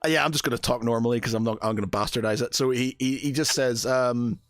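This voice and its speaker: A man's voice: mid-range voice, fast, dry recording, studio quality, soft background music. A man narrating as game master, rambling with many fillers.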